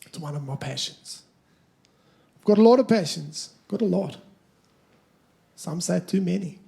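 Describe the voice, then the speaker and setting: A man's voice: high-pitched, animated, measured pace, gravelly, dark tone, exaggerated voice. A man playing a boastful, self-satisfied South African rocket scientist with a South African accent. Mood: smug. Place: theatre stage.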